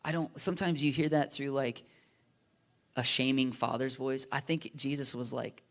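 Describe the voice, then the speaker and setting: A man preaching a sermon in a casual, animated way, often checking in with his listeners with "right?" and "you know?". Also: medium pitch, moderate pace, gravelly. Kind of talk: conversational sermon.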